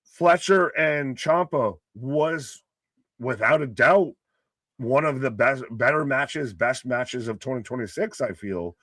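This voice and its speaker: A man's voice: mid-range voice, takes it slowly, a bit bright, no echo. An American man co-hosting a live wrestling reaction stream, talking casually with jokes, loose comparisons and plenty of swearing. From United States. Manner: joking, profane, loose analogies. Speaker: co-host.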